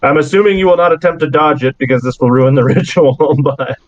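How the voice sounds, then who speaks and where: A man's voice: a little high, brisk, no room sound, highs cut off. A man narrating a tabletop role-playing game as game master, breaking into laughs between rambling descriptions.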